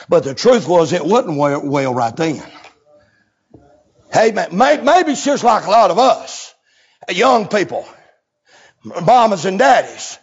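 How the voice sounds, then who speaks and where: A man preaching a revival sermon, swinging from low murmurs to hoarse, sing-song shouting. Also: sing-song, slow, long pauses, highs cut off.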